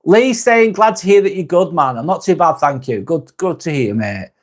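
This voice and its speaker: A British man hosting a live stream, chatting with viewers in a calm, relaxed, easygoing way. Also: on the high side, moderate pace. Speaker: live-stream host reading viewer comments. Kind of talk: casual live-stream chat.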